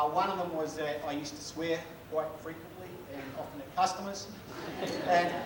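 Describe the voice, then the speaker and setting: A middle-aged man with a New Zealand accent telling funny stories in a casual, joking keynote and bantering with the audience. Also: high voice. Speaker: keynote speaker. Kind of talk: humorous keynote storytelling. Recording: echoey hall, far from mic, noisy.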